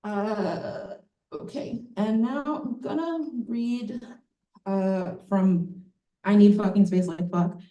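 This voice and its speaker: A woman poet reading her verse aloud with a deliberate rhythm, dropping in relaxed, laughing asides between poems. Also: mid-range voice, lo-fi sound. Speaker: poet reading from a new book. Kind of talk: poetry reading with casual asides. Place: bookstore event space, indoors. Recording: echoey room from a distance.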